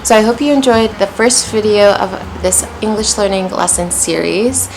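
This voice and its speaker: American woman, mid-pitched voice, clear and encouraging language teacher, soft music underneath. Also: moderate pace, low-quality recording. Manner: clear, encouraging, demonstrative delivery. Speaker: English pronunciation teacher. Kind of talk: pronunciation lesson with modeled examples.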